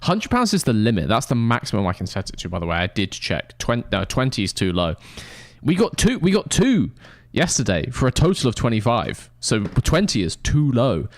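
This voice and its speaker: A man's voice: medium pitch, sing-song, normal speed, no room sound, clean studio sound. A young man chatting casually with his live-stream viewers, rambling and swearing in mock-indignant banter.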